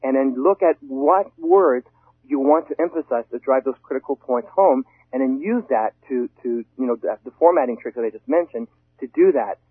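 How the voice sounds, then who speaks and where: Husky man talking over a tinny phone line. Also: medium pitch, moderate pace, dry recording. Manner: animated, emphatic, repeats words for stress. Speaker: guest expert on web copywriting. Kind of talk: casual conversational advice on a call.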